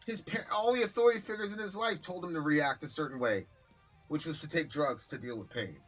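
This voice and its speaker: Blunt, bright-voiced man telling stories. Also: fairly high pitch, a little fast, soft background music. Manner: blunt, profane, animated storytelling. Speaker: co-host of a live reaction stream. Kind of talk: casual heated discussion.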